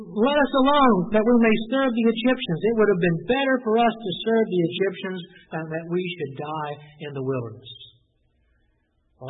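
A man's voice: fairly high pitch, slightly rough. A man preaching a sermon, reading scripture aloud and asking his listeners rhetorical questions. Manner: earnest preaching, reads scripture aloud and voices the complaints. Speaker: pastor. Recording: tinny phone-like sound from a distance, faint noise.

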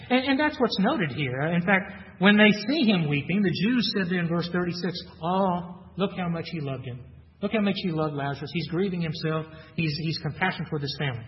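A man with a high voice delivers an earnest sermon, reading verses aloud and then unpacking them. The sound is muffled, with long reverb from a large church hall. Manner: earnest, reads scripture aloud then explains it. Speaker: preacher. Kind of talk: expository sermon.

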